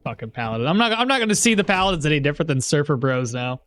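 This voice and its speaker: A man's voice: a little high, animated, very fast, fairly bright tone, slight background noise. A man streaming a game live, rambling and chuckling as he comments, swearing casually.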